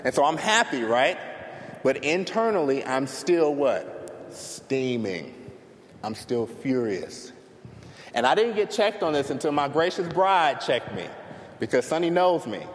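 A male pastor preaching a sermon to a congregation, telling stories in an animated way and clapping as he talks. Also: mid-range voice, measured pace. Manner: animated storytelling, claps while preaching. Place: church sanctuary before a congregation. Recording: long hall reverb, faint noise.

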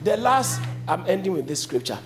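A man preaching a sermon as a pastor, switching between low explanations and sudden high emphatic lines. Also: normal speed, raised voice, loud music behind the voice, a loud crowd. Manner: animated preaching, jumping to high emphatic pitch.

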